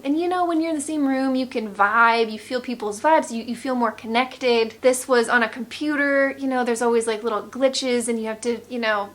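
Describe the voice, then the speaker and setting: American woman vlogger, chatty and expressive, a touch higher pitched. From United States. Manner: chatty, expressive, frequent restarts. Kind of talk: casual storytelling to camera.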